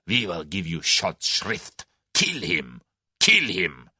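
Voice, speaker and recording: A man voicing a hot-tempered, brutal foreign thug who speaks slowly and menacingly. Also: low-pitched, huge pitch swings, pushed and bright, husky, no echo, studio quality, full character voice. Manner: slow, menacing.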